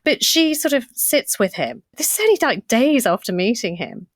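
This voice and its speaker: A woman co-hosting a history podcast, telling the story in an animated way and laughing often. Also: a little high, moderate pace, dry recording. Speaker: podcast co-host.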